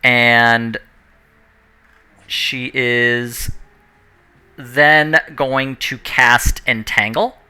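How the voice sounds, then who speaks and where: A man's voice: mid-range voice, flat delivery, drawn-out words, long pauses, bright, forceful tone, clean tone, soft background music. A man running a tabletop game as dungeon master, explaining the rules and correcting himself as he goes.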